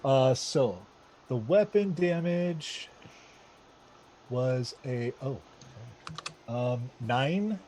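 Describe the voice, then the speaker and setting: A man playing a tabletop game, talking slowly and hesitantly with many fillers. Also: mid-range voice, expressive, mellow, a little hiss or hum. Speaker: player. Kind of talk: tabletop game play, casual.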